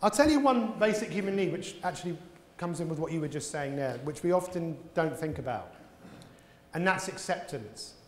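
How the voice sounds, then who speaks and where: A man delivers a motivational keynote in a conference hall, his voice sitting high for a man. He is a lively storyteller who jumps into character voices. The echoey hall leaves a long reverb trailing after his words. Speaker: keynote speaker.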